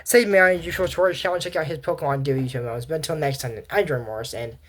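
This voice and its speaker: A man's voice: a little high, quick pace. A man hosting a video and giving a casual recap of a cartoon episode, rambling with many restarts and asides. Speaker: video host.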